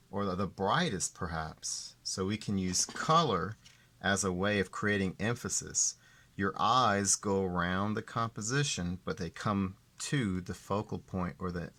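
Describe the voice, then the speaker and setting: A man teaching art, explaining ideas slowly and deliberately and repeating the key terms. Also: low voice, fairly bright tone. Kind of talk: classroom explanation.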